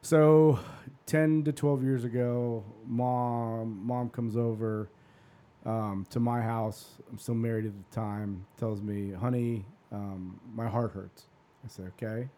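A podcast host in his forties with a warm, mellow tone and a voice of ordinary pitch. He rambles through a personal story in casual chat, restarting his sentences and dropping curse words without a second thought. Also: little pitch movement, takes it slowly. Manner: rambling, swears freely.

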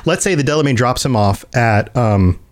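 A man with a medium-pitched voice tells a game story at normal speed in casual conversation. He's an animated storyteller, restarting often and acting out the characters' lines.

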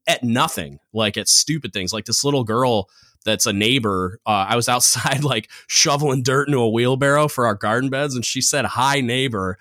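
A man with a bright, forward voice tells a story in a loose, rambling way. The sound is dry and close. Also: medium pitch, dry recording. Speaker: podcast co-host. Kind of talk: casual chat.

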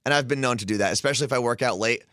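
A man's voice: medium pitch, racing, fairly bright tone, no room sound, studio quality. A man from Minnesota co-hosting a podcast, chatting casually in a rambling, jokingly defensive way. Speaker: podcast co-host. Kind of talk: casual chat.

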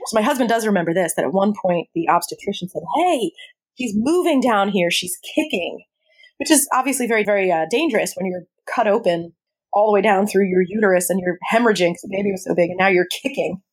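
A woman speaks as an interview guest, recounting a personal story in a candid, animated way. She laughs often as she talks. Her voice sits at an ordinary middle pitch. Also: fast, husky.

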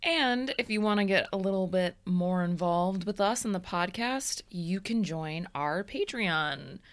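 A woman's voice: fairly low pitch, animated, unhurried. A woman co-hosting a podcast in casual chat, cracking playful jokes. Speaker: podcast co-host.

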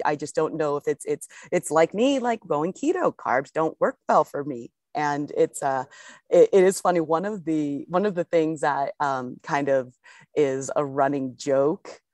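A woman's voice: low voice, normal speed, darkish tone, no echo, clean studio sound. A young woman, a pro golfer co-hosting a podcast, chatting casually in a rambling, easygoing way with frequent laughs.

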